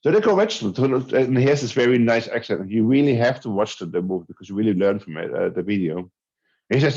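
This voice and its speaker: A man's voice: fairly low pitch, expressive, quick pace, a little mellow. Man giving an online talk. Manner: conversational, hesitant, with filler restarts. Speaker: conference speaker. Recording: dull lo-fi audio.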